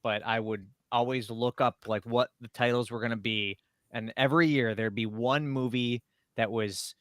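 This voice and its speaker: Brief: male podcast co-host, mid-pitched, dry close sound, relaxed and rambling. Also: normal speed, dry recording. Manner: rambling, laid-back storytelling. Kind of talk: casual podcast chat.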